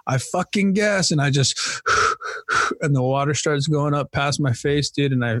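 A man's voice: medium pitch, flat delivery, unhurried, a bit bright, dry recording. Young man, profane and laid-back, dry sound. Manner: profane, says "dude" and "man" a lot. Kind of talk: casual chat.

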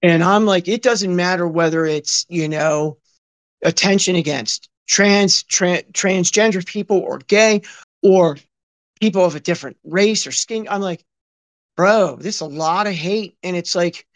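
A man with a high, unhurried voice co-hosts a podcast. He tells stories in casual conversation, rambling and slangy, with plenty of filler words.

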